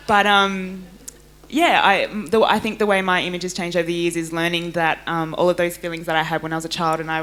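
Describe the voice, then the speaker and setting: A woman's voice: fairly low pitch, a bit bright, slight background noise. A woman speaking on a discussion panel about gaining confidence, thoughtful and a little hesitant. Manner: thoughtful, hesitant, many fillers. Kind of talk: personal reflection on a discussion panel.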